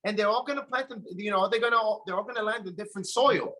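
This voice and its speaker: A man's voice: high voice, quick pace, bright, forceful tone. A man giving a motivational talk to his team on a video call, urging and preaching. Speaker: network marketing team leader.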